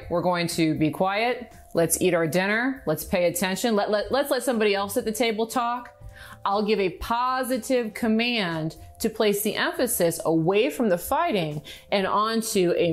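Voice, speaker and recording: A middle-aged woman coaching on manifestation in an upbeat, instructive vlog style, slowing down to stress key words. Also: mid-range voice. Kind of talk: direct-to-camera teaching vlog.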